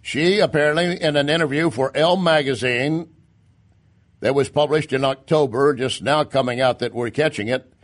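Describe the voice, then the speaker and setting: A man's voice: mid-range voice, moderate pace. A man hosting a political commentary show, talking in an emphatic, sarcastic way with stumbles and restarts. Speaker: talk show host. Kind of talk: opinion commentary.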